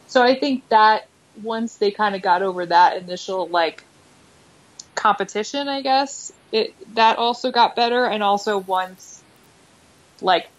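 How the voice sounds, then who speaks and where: A woman guest on a casual podcast, thinking aloud in long rambling turns full of "like" and "um". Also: medium pitch. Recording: dull lo-fi audio.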